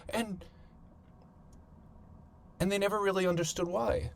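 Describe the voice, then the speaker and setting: A man hosting a podcast, telling a personal family story in a halting way, often repeating words and thinking aloud. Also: high-pitched, fairly even intonation, gravelly, darkish tone. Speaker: podcast host.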